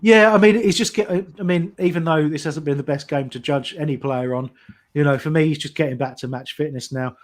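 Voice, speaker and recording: A fairly high-voiced man talks through a football match as it unfolds on a fan watch-along stream. He is chatty and thinks aloud, often restarting his sentences as he works through his point. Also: brisk. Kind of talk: live football commentary and analysis.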